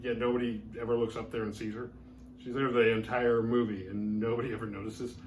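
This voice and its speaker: A man's voice: mid-range voice, flat delivery, a little fast, a little mellow. A man hosting a horror movie review show, recapping a film in a casual, rambling way with lots of filler words. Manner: rambling, heavy use of "like" fillers.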